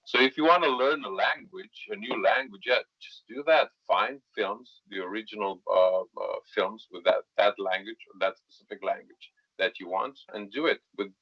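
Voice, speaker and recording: Low-voiced male actor guest, english not his first language, lots of uh and right?, dry dull audio. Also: moderate pace, few pauses, slightly rough, no echo. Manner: rambling, many fillers and tag questions. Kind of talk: casual interview chat.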